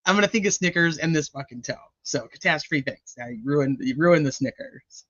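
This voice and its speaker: A woman's voice: low-pitched, expressive, brisk, a bit bright, no echo, highs cut off. A woman hosting a casual true crime livestream, joking, teasing and swearing as she reads viewer comments, laughing often.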